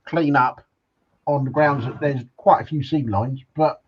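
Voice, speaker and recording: A man's voice: mid-range voice, a little slow, husky. A man co-hosting a live stream, chatting casually with dry, understated one-liners. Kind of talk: casual chat. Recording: dull lo-fi sound.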